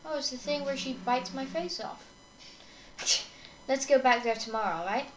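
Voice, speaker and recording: Woman muttering thru a game, kinda high voice, unsure, echoey room. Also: moderate pace, fairly bright tone, slight background noise. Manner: hesitant and mumbling, trailing off with "I guess". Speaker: gamer. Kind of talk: casual let's-play commentary.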